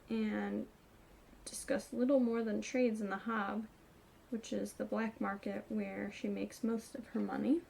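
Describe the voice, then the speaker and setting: A woman's voice: on the high side, gravelly, a little mellow. A woman hosting her own book channel, chatting casually through a chapter recap and hedging often with "kind of" and "like".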